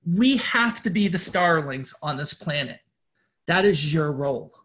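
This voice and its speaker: A man's voice: a little high, lively intonation, measured pace, fairly bright tone. A man hosting a spiritual pep talk, preaching bluntly, swearing often and repeating his words as he pushes on. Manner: repeats words and restarts sentences. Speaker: host.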